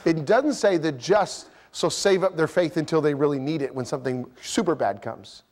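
Man, pastor preaching, high voice, passionate, voices imagined replies. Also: moderate pace, darkish tone. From United States. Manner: passionate preaching, voices imagined objections, pitch climbs when pressing a point. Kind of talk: sermon. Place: church sanctuary.

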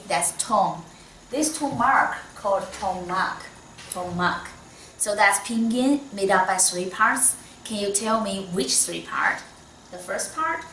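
Slow-talking Chinese-accented woman teacher. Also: medium pitch, a little hiss or hum. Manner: slow, patient, non-native English, many soft "mm"s. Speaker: Mandarin teacher. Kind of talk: one-on-one online lesson. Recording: echoey room, voice from a distance.

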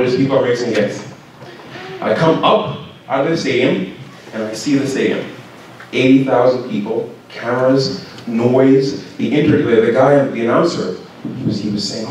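Young man from canada, keynote in a school hall, lively storyteller, big echo, mic far off. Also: mid-range voice, slight background noise. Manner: lively storyteller who acts out shouted quotes. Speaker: keynote speaker. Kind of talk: storytelling speech to students.

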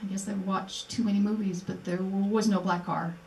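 At a memorial event in a museum presentation room, an older woman tells her story in a medium-pitched, somewhat mellow voice with flat delivery at normal speed. She is earnest and re-enacts past conversations. Slight background noise and echo come through, the mic placed at a distance.

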